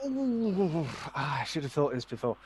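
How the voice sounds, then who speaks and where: A man telling stage stories in a hesitant, wry way, pausing to think and restarting. His voice sits mid-range for a man. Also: medium pitch, fairly even intonation. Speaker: actor, regular host. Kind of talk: casual podcast interview.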